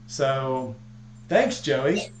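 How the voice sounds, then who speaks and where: A man's voice: medium pitch, animated, very slow. A man hosting a casual livestream chat, rambling and joking with friends. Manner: rambling, chatty, with frequent restarts and jokes. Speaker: livestream host. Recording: echoey room with faint hum.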